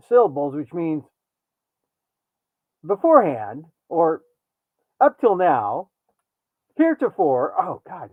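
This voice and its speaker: A man hosting a talk show, delivering an animated, wry, digressive political commentary monologue. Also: fairly high pitch, no room sound. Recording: tinny phone-like sound, dry.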